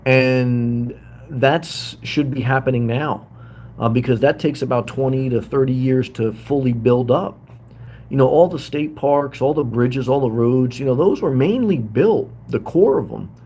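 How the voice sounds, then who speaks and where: A man's voice: mid-range voice, measured pace, warm tone, slightly rough. A middle-aged man hosting a casual livestream from a hotel room, rambling and greeting viewers by name as he reads their comments. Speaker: livestream host living in a hotel.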